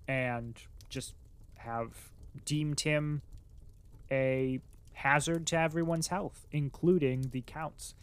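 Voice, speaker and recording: A man narrating a classic novel aloud and then chatting enthusiastically about the story. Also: fairly high pitch. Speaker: audiobook reader and book commentator. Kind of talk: literary narration then casual commentary.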